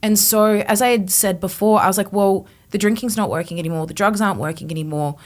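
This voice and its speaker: Casting: young woman guest, lively storyteller, personal testimony, mid-range voice. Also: mid-range voice, quick pace. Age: 20s. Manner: animated storytelling, acting out her own past thoughts, frequent "like". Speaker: podcast guest.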